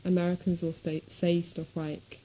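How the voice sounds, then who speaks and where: A Mancunian woman with a lowish, mellow voice and little pitch movement chats at normal speed in a rambling, casual vlog full of ums. Her Manchester accent comes through a webcam microphone, and the rough recording carries a little hiss or hum.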